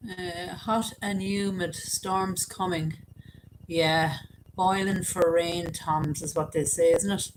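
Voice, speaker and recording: A woman's voice: lowish voice, fairly even intonation, takes it slowly, a little hiss or hum, rough recording. A woman hosting a casual livestream, chatting and greeting her viewers by name. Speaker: livestream host.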